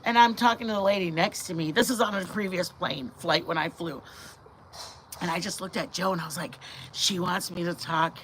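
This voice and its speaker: A middle-aged woman vlogger telling a story to her viewers in a chatty, animated way that often turns to her faith. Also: lowish voice, fairly quick, a little hiss or hum. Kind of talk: casual storytelling to camera.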